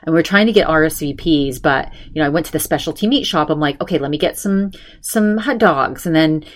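Middle-aged woman podcast host, lower voice, rambling and animated, acts out the voices of people she quotes. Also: brisk. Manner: chatty, animated quoting voices, many fillers. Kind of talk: casual storytelling chat.

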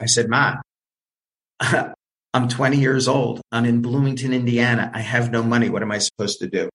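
An older man recounts his career as an interview guest, lively and theatrical as he plays out the voices in his anecdotes. His voice sits at an ordinary middle pitch. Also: normal speed, low-quality recording. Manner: animated storyteller who acts out quoted voices. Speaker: interview guest, film producer. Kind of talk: storytelling in an interview.

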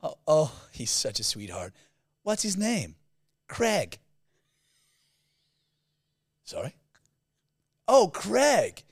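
A man's voice: a little high, wildly swooping pitch, extremely slow, gravelly, long pauses, slightly rough, no room sound, clean studio sound, pitched above the performer's own voice, exaggerated voice. A man putting on a gushing American girl. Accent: American, put on. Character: gushing young American woman gossiping.

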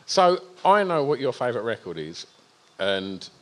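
A man's voice: medium pitch, sing-song, normal speed, poor audio. A man hosting a casual chat, sweary and teasing. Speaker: host.

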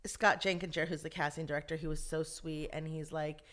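A woman, an actress and voice actor, chatting as an interview guest and telling animated stories. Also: deep voice, brisk. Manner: animated storyteller, acts out quotes. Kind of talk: casual interview chat.

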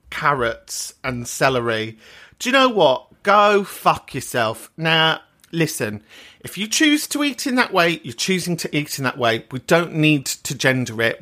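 A woman hosting a podcast, ranting with outrage and plenty of swearing in a casual chat. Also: deep voice. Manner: animated, sweary, outraged rant. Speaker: podcast host.

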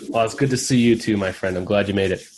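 An energetic man hosts an online roundtable over a video call. He talks in an upbeat, casual way and calls on members one by one by name. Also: lowish voice, fast, background noise.

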